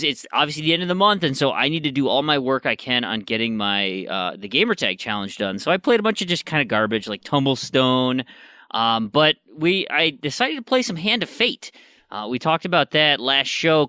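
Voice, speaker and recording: A man chatting on a gaming podcast, circling back over his words with plenty of fillers. His tone is bright and lively, rising and falling a lot, and the recording is close and dry with no room around it. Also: medium pitch, normal speed, clean tone, dry recording. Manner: rambling, full of fillers and restarts. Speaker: podcast co-host. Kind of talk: casual gaming chat.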